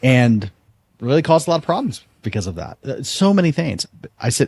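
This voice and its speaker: A man's voice: medium pitch, expressive, moderate pace, vocal fry, a little mellow, slightly rough, no echo. A man hosting a podcast, telling a story in an earnest, conversational way, often repeating words as he restarts a thought. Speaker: podcast host.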